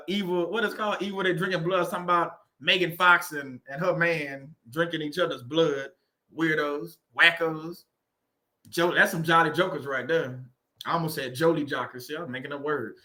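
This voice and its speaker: A man's voice: fairly high pitch, bright, forceful tone. A man hosting a faith-based livestream, chatting casually with viewers and laughing and joking often.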